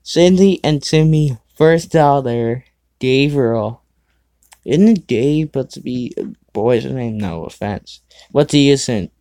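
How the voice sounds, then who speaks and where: Guy reading fanfic on his show, slow and mellow, keeps stopping to snark at it. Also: medium pitch, no echo, studio quality. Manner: sarcastic asides, stumbles over the text. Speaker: show host reading fan fiction. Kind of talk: casual dramatic reading with commentary.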